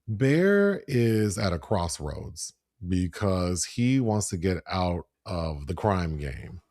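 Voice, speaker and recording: A man co-hosting a podcast, casually retelling a film's plot and mimicking characters in higher voices. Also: slow pace, no echo, clean studio sound. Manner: animated, breaks into high voices when quoting. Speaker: podcast co-host. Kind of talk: casual film review chat.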